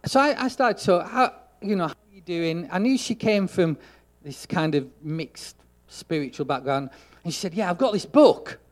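A man preaching a sermon, telling a story and acting out the dialogue, getting loud for emphasis. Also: high voice, animated, normal speed.

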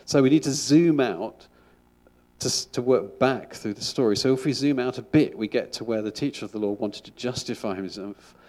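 A man's voice: mid-range voice, moderate pace, darkish tone. A middle-aged man, a school chaplain, giving an informal sermon in a chatty, rambling way with frequent restarts.

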